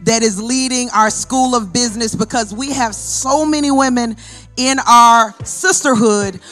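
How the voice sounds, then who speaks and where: A woman hosting a women's ministry event at a church, talking to the audience in an excited, chatty way. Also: on the high side, unhurried, faint music behind. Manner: excited, chatty, laughs often, addresses audience directly. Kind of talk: hyped live event hosting.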